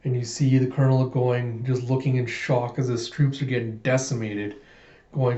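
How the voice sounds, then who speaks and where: Man, casual enthusiastic story recap, mellow dark voice, echoey room. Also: mid-range voice, level tone, moderate pace. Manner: enthusiastic, rambling retelling. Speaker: comic readthrough host. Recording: roomy, dull lo-fi sound.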